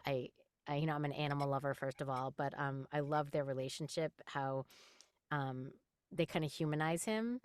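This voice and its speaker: Chatty low-voiced woman laughing easily. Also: clean tone, no echo, clean studio sound. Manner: animated, chatty, laughs often. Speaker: voice actress guest. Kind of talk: casual interview chat.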